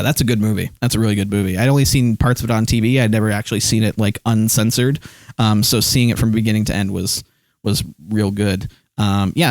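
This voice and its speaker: A man's voice: fairly low pitch, a little mellow, dry recording. A man streaming live, chatting casually about movies and answering chat with lots of ums and uhs. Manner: rambling, many fillers, reads chat aloud.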